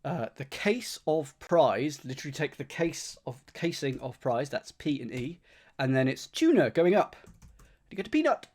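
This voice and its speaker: A man's voice: medium pitch, lively intonation, normal speed, darkish tone. A man streaming himself solving a crossword, thinking aloud, repeating clues under his breath and thanking viewers by name.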